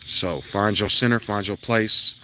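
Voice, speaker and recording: A man's voice: on the low side, unhurried, pushed and bright, slight background noise. A man delivering a blunt, profane, preachy monologue outdoors near his house. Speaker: self-styled spiritual vlogger. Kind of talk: ranting monologue to camera.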